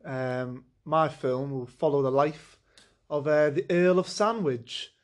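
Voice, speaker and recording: A man with a high-pitched voice riffs through a made-up film pitch in loose, rambling sentences. He often stops to ask "right?" and fills the gaps with "um." His delivery stays casual and improvised. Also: takes it slowly. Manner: rambling, keeps saying "right?".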